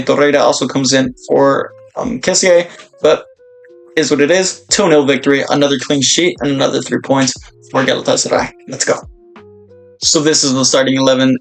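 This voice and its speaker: A young man commentating his own football video game career, breaking into excited shouts at big moments. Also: medium pitch, creaky. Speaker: gaming YouTuber.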